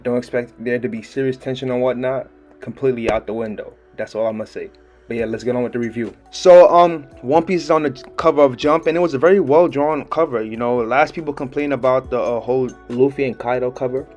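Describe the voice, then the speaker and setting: A man's voice: medium pitch, fast talker, a little mellow, faint music behind. A young man giving a casual video review of a comic chapter, talking in a laid-back, slangy way and laughing often.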